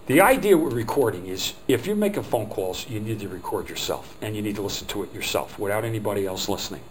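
A man's voice: on the low side, animated, quick pace, a little hiss or hum, rough recording. A middle-aged man teaching a phone skills workshop, talking in a chatty, rambling way and acting out little quotes.

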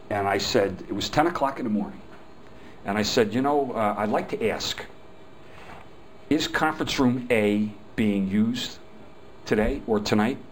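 A man's voice: medium pitch, a little hiss or hum, poor audio. An older man giving a live customer service training talk, telling folksy stories and acting out the quoted dialogue. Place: hotel meeting room.

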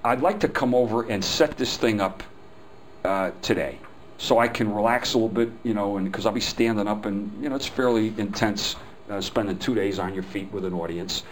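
An older man teaches a customer service seminar in a folksy, storytelling way. His voice sits fairly low, and he acts out the people he quotes. A faint hum of room noise runs under the recording. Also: normal speed, poor audio. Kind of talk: live seminar talk. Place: hotel meeting room.

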